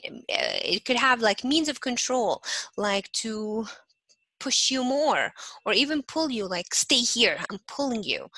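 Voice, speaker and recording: Bright-voiced woman giving a lecture. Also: mid-range voice, no echo, rough recording. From not from Canada. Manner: repeats "again" and restarts often, acts out short examples. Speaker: instructor. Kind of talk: recorded lecture.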